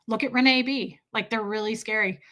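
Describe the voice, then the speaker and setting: A woman's voice: fairly high pitch, fairly even intonation, brisk, fairly bright tone. A woman chatting casually with viewers on a live stream, laughing often and greeting people by name.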